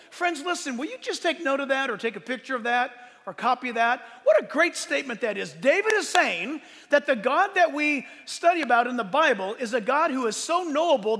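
Emphatic high-voiced pastor in a hall. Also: male voice. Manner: emphatic, rhetorical questions, bursts of loud emphasis. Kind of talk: sermon.

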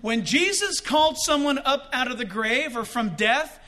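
A man preaching a sermon in an animated way, breaking into shouts for emphasis and joking as he goes. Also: extremely high pitch, normal speed. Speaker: pastor.

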